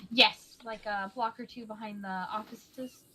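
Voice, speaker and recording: A woman's voice: medium pitch, fairly even intonation, a little slow, pushed and bright, a little hiss or hum, poor audio. A woman in a roleplay, speaking politely with formal phrasing. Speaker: roleplay player. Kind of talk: in-character roleplay chat.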